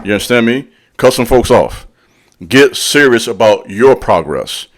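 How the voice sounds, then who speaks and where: A man's voice: medium pitch, expressive, measured pace. A man giving a blunt motivational talk as a spiritual leader, using casual slang, calling out the listener directly and repeating lines for emphasis. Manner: preachy, direct, calls out the listener. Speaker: channel host and spiritual speaker. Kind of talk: motivational monologue.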